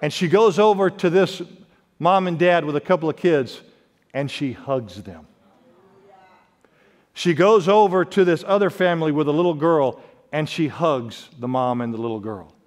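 Male pastor, high voice, dynamic sermon delivery, long church-hall reverb. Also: lively intonation, moderate pace. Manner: preaching with sharp swings in pitch and volume, quotes scripture. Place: church sanctuary.

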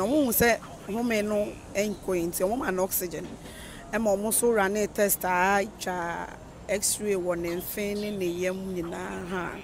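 A speaker from Ghana, a family member, recounting events to a reporter in a halting, soft-spoken way, mixing in English terms. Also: medium pitch. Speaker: family member of the deceased, interviewee. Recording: outdoor street noise with passing vehicles.

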